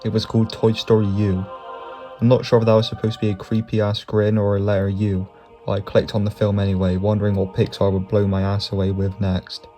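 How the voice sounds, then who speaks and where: Male YouTube narrator, low monotone delivery, crude comic storytelling with frequent cursing and chuckles. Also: a little fast, faint music behind. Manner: profane, chuckling through lines. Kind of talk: comedic scripted narration.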